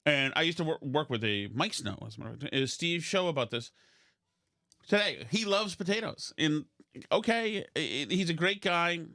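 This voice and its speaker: Man, podcast host, bright tense voice, dry close sound, rambling self-mocking chat. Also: a little high, expressive, moderate pace, no echo. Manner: rambling, self-deprecating, with many restarts. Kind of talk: casual comedic chat.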